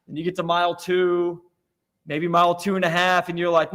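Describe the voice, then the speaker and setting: High-voiced man preaching a sermon. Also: little pitch movement, a little fast, fairly bright tone. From Florida. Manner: conversational storytelling, self-deprecating. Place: church sanctuary.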